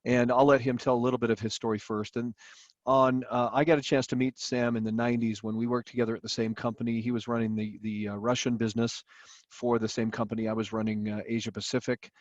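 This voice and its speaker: A man's voice: medium pitch, level tone, quick pace, no room sound. A middle-aged man introducing a guest on a video call, rambling with fillers and restarts. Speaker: host of a business call. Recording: dry, dull lo-fi call audio.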